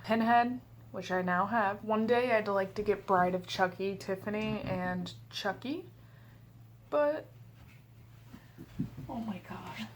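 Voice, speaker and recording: A young woman talks casually through an unboxing at home, joking around and drifting into rambling asides. Her voice sits at a middle pitch. A faint hiss stays in the background. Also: unhurried. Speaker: vlogger.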